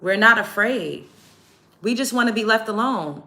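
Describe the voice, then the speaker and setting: A woman with a bright, forceful, somewhat high voice hosts a livestream and talks straight to her viewers. She tells her stories in a heated, emphatic rant full of curses. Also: moderate pace. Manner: emphatic, profane, animated retelling. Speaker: livestream host. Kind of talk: heated storytelling rant to a live chat.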